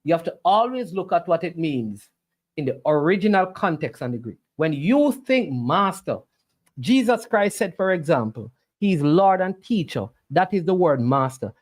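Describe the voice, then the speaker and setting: Livestream host, argues and lectures the chat, swooping animated pitch. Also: measured pace. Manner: argumentative, preachy, rhetorical questions. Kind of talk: casual argumentative livestream talk.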